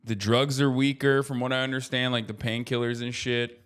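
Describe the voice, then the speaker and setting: A man's voice: medium pitch, flat delivery, normal speed, a bit bright, clear, resonant tone. A man in his thirties streaming casual political commentary, ranting with heavy profanity.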